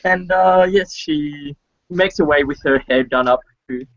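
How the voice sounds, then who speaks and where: A man narrating a tabletop role-playing game as game master, pausing often with fillers. His voice sits a little high. The recording is dry and dull. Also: no echo. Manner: halting, many fillers.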